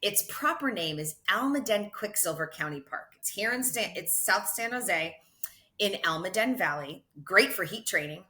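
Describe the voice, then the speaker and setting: A middle-aged woman, a podcast guest, telling her running story in a casual, animated way, laughing often and restarting her sentences. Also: medium pitch. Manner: animated, quick to laugh, self-correcting restarts. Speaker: podcast guest, ultra runner.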